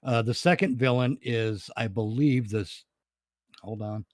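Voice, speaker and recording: A man's voice: medium pitch, a little slow, dry recording, studio quality. A man casually chatting on a podcast, rambling and laughing at his own jokes. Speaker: podcast host and comedy writer. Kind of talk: casual chat.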